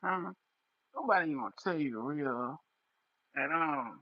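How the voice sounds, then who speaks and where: A man's voice: on the high side, animated, moderate pace, dry recording, lo-fi sound. A young man talking straight into a livestream in a raw, impassioned, repetitive monologue. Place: livestream setup.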